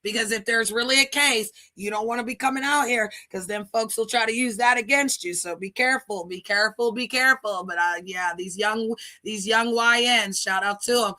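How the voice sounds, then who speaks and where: A woman's voice: on the high side, a little fast, few pauses, pushed and bright. A woman streamer ranting in live commentary, brash, profane and scolding.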